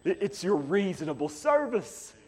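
A man preaching as a pastor, impassioned, breaking into shouts to drive points home. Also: high voice, very animated, normal speed, slightly rough, in a large hall. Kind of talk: sermon.

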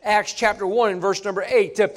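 Male pastor, high voice, animated folksy storyteller from the pulpit. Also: fairly quick. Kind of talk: sermon.

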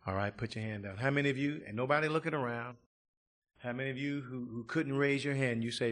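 A man preaching an evangelistic sermon and leading an altar call, swinging from fervent shouts to hushed, pleading appeals. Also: mid-range voice, quick pace.

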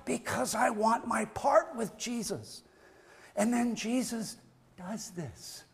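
A man's voice: extremely high pitch, slow pace, vocal fry, slightly rough. A male pastor delivering a fervent sermon, building emphasis through repeated phrases. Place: church sanctuary. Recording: long reverb of a church hall.

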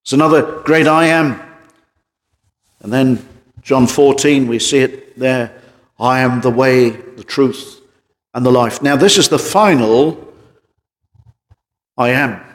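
A man preaching an evening sermon as pastor, emphatic, with drops into a quiet voice. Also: medium pitch, slow, pauses often. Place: church. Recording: church hall reverb.

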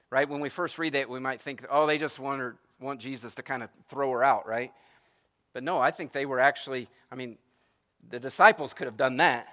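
Animated in the pulpit, this mid-range-voiced pastor delivers a sermon, retelling a story in dramatic, pleading character voices and pausing to ask "right?"

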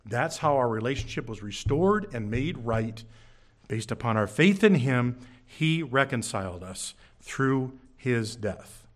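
Lively, animated male preacher. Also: a little slow. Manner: animated, jokey storytelling with sudden high bursts. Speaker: pastor. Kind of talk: sermon.

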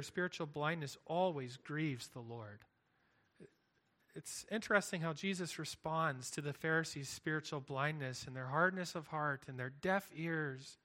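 Guy preaching a sermon, earnest and punchy, kinda high bright voice. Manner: earnest, emphatic preaching with repetition. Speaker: pastor.

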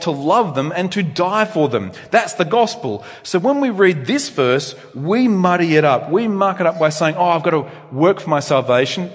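A man preaching a sermon in a church, with animated delivery that swings between loud emphasis and quiet reflection. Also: high-pitched. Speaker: pastor. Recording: long reverb in a church.

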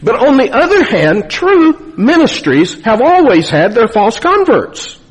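Husky, lively preaching man. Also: very high-pitched, unhurried. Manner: emphatic, rhetorical questions. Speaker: pastor. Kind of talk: sermon.

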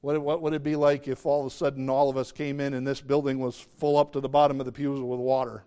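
A man preaching a sermon as pastor, talking conversationally and jumping into excited, high bursts. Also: quick pace, clean tone.

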